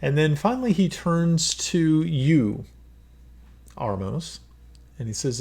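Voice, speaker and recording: Male game master, slow, gravelly, halting narration. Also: a little high, big pitch swings, darkish tone. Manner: halting, full of fillers.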